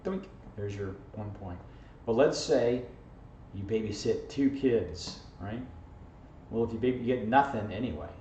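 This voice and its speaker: A lowish-voiced man teaching algebra in a playful, joking way, checking in with the class every few lines. He is caught from across a roomy, echoing space. The sound is dull and a little muffled, with a faint hiss behind it. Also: lively intonation, a little slow, warm tone. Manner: jokey, playful, full of "okay?" and "right?". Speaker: math teacher. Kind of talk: informal video math lesson. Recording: echoey, distant, dull camera audio with faint hiss.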